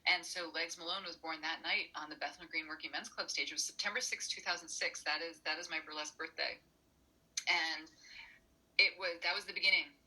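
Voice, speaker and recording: A woman who performs burlesque and is a minister, telling her story in a casual interview, animated and full of "like.". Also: low voice, brisk, husky, low-quality recording. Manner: animated storyteller, many "like" fillers.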